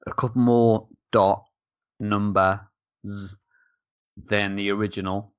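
Low-ish voiced guy hosting a beer podcast, jokey, laughs a lot. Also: level tone, takes it slowly, clear, resonant tone, dull audio. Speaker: podcast host. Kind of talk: casual beer podcast banter.

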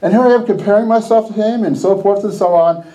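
A man's voice: sits high, quick pace, dark tone, low-quality recording. A middle-aged man from New Jersey hosting a Christian podcast, telling personal stories casually, laughing often and acting out quoted dialogue. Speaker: podcast host.

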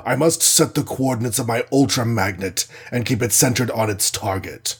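A man voicing a cold, menacing male alien conqueror in a storybook reading, speaking slowly and gravely. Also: medium pitch. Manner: slow, grave and threatening.

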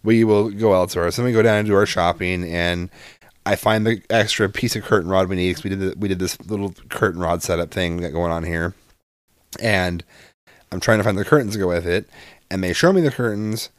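A man's voice: low-pitched, fairly quick, dry recording. A man in his thirties telling a story in casual chat, exasperated and profane, rambling with lots of fillers.

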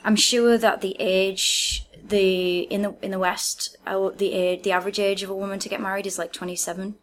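A woman's voice: medium pitch, level tone, normal speed, slight background noise. A woman co-hosting a casual podcast chat, talking in a friendly, hedging way with many restarts. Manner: hedging, chatty, lots of "I think" and "I feel like". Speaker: podcast co-host. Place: living in China.

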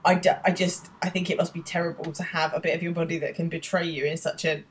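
A woman with a slightly low voice talks through a TV episode on a podcast. Her delivery is loose and chatty, full of "like" fillers and easy laughter. It sounds like friendly, casual talk between co-hosts. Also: flat delivery, fast talker, a little hiss or hum. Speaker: podcast co-host.

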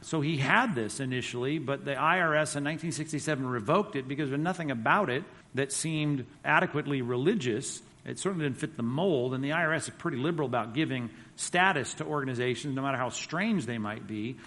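A man's voice: mid-range voice, fast, few pauses, fairly bright tone. A man teaching a church class with slides, in a conversational, emphatic way. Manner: conversational, emphatic, reads quotes aloud. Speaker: Bible teacher. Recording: long reverb of a hall.

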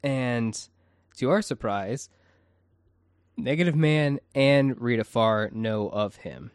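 A man's voice: medium pitch, lively intonation, slow pace, clean tone, dry recording, studio quality. A man co-hosting a podcast in casual chat, hesitant and searching for words. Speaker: podcast co-host.

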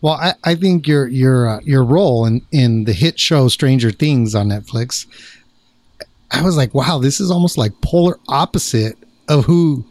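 A man's voice: medium pitch, moderate pace, a little mellow, no room sound. A man with a mid-range voice hosts a podcast, recorded close and dry. He rambles and restarts his thoughts, with frequent affirming murmurs. His delivery is casual and conversational. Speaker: podcast host. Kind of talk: casual interview chat.

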